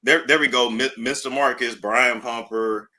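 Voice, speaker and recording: A man's voice: medium pitch, fairly even intonation, normal speed, bright, forceful tone. A man co-hosting a casual chat, laid-back and slangy.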